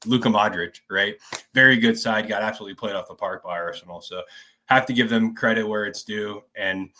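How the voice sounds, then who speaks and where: A man's voice: on the low side, brisk, bright, forceful tone. A man co-hosting a casual football podcast, talking in an emphatic, opinionated way and often tagging his points with "right?". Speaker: podcast co-host.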